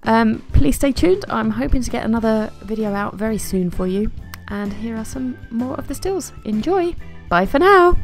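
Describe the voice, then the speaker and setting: A woman casually narrating a scrapbooking layout in a chatty, self-deprecating way, with fillers and soft laughs. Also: a little high, lively intonation, moderate pace, few pauses, soft background music. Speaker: scrapbooking vlogger. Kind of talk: casual voice-over narration of a craft process.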